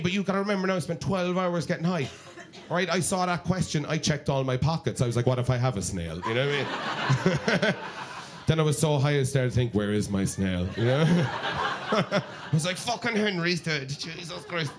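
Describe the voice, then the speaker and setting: A man telling an animated stand-up story, swearing and laughing along as he goes. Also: fairly high pitch, background noise. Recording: live crowd laughing.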